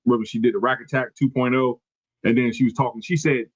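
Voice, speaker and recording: A man's voice: medium pitch, little pitch movement, fast talker, husky, no room sound, muffled recording. A man hosting a podcast, recapping casually from his notes, rambling and correcting himself as he goes. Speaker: podcast host. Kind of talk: casual wrestling recap chat.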